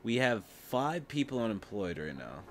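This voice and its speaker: A man's voice: mid-range voice, big pitch swings, moderate pace, music in the background. A young man casually commenting on his gameplay, muttering, swearing in frustration, his voice cracking. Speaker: gameplay streamer.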